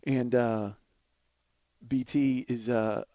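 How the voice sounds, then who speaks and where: A man's voice: mid-range voice, fairly even intonation, very slow, warm tone, dry recording, dull audio. A man in the middle of his range tells a long comedy story, swearing freely and stopping to restart his sentences. He now and then slips into voices of the people he describes. The sound is close and dry, with no room around it. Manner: profane, rambling anecdote with restarts; mimics other people's voices. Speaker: comedian podcast host. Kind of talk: storytelling monologue.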